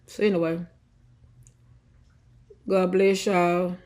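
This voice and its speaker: A tearful woman, venting defiantly into a phone held at arm's length, swinging from quiet and subdued to heated. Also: lowish voice, level tone, takes it slowly. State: tearful after crying. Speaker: vlogger. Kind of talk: emotional selfie vlog rant.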